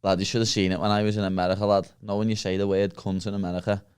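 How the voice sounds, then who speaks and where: A man's voice: lowish voice, level tone, racing, clear, resonant tone. A man hosting a casual podcast chat, blunt and sweary, calling everyone "lad" and laughing at his own stories. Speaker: podcast host.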